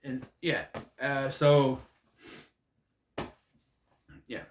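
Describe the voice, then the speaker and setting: A man's voice: medium pitch, very slow. A man rambling through a casual, jokey recap monologue with asides. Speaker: wrestling recap vlogger. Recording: echoey room.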